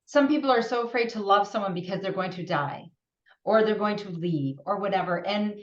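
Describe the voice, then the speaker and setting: A woman's voice: medium pitch, fairly quick. Woman on an echoey, distant call. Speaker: co-host. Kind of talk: reflective conversation. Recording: roomy, distant, dull video-call audio.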